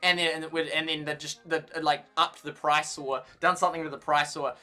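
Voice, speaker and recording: Bright-voiced New Zealand man ranting. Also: on the high side, little pitch movement, brisk, soft background music. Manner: rambling, many restarts, aggrieved. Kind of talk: casual ranting vlog.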